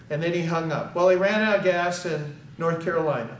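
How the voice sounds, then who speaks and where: A man's voice: on the high side, fairly quick, a little hiss or hum. A man, a guest speaker and author, telling a personal story at an event and acting out the dialogue. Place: indoor event hall. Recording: echoey hall, far from the mic.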